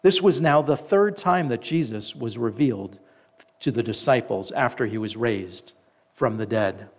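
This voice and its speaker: A man preaching a sermon. He reads scripture aloud, slows down for the quoted lines, and stops now and then to comment. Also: medium pitch. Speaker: pastor.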